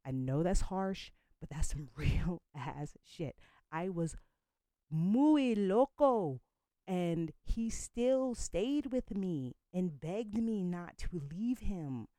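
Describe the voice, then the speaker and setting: A woman's voice: lowish voice, animated, takes it slowly, dark tone, dry recording. A woman in her forties telling a personal story in a blunt, candid and profane way. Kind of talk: storytime vlog monologue.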